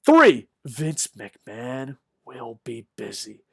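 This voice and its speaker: A man's voice: medium pitch, huge pitch swings, gravelly, husky, no room sound. A man hosting a combat sports news show, delivering a jokey, profane rant of casual commentary. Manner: mocks others with quick put-on voices.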